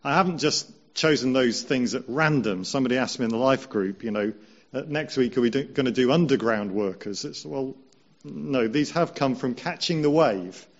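A man preaching a conversational sermon, slowing down to stress key points. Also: mid-range voice, muffled recording. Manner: measured, conversational, slows down for emphasis.

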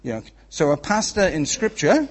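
Husky Welsh man preaching. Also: fairly high pitch, big pitch swings, normal speed. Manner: conversational, checks in with "yeah?" and "right?". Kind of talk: sermon.

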